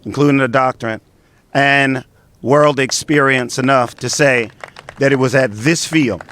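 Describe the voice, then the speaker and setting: A man's voice: mid-range voice, unhurried, fairly bright tone. A man giving an earnest ceremony speech, building his points with repeated phrases.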